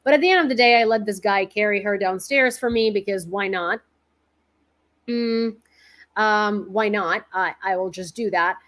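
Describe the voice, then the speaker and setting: Woman, mid-pitched, loose and chatty news commentary host, lots of "um" and "like". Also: moderate pace, a bit bright. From Ukraine. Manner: chatty and informal, many fillers. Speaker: independent reporter and host. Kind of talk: casual news commentary livestream.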